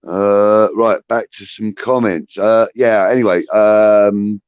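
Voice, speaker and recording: A man's voice: lowish voice, steady tone, takes it slowly, darkish tone, smooth, no echo, dull audio. A man hosting a casual livestream, rambling with many restarts and swearing, reading out chat comments. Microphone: phone.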